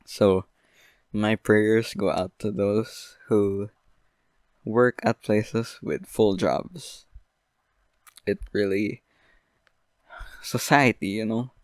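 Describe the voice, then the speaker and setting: A young man hosting a podcast, rambling through an absurd deadpan comedic monologue full of fillers. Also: lowish voice, very slow, long pauses, no room sound. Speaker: podcast host.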